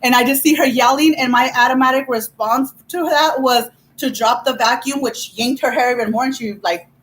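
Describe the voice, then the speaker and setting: A woman's voice: high voice, steady tone, normal speed, fairly bright tone, rough recording. A woman vlogger telling a childhood story in a chatty, laughing way, full of "you know". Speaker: vlogger host. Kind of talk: casual storytelling while eating.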